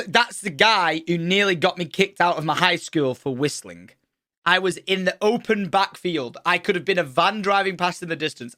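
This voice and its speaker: This young man's voice sits on the high side, and the recording is dry with clean studio sound. Streaming from a room at home, he animatedly recounts a school story, cursing without restraint and mimicking the characters, including a shouting teacher.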